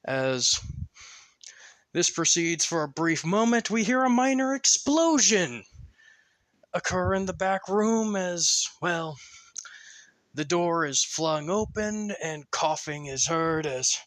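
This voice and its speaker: A man narrating a fan story in a loose, chatty way. He talks slowly with a lively pitch. The recording is close and dry. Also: no echo. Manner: loose, conversational, with fillers. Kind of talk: casual fan fiction storytelling.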